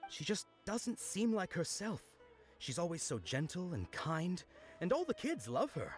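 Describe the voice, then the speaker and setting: An actor playing a bashful, earnest young knight who speaks hesitantly in game dialogue. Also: male voice, sits high, huge pitch swings, a little slow, soft background music, exaggerated voice. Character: shy young male knight, earnest and lovestruck.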